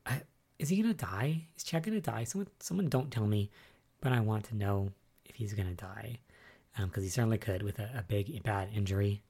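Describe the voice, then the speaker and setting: A podcast host recaps soap episodes solo in a casual, rambling style, thinking out loud with plenty of fillers while staying excitable and careful about spoilers. The voice is mid-range, husky and fairly quick.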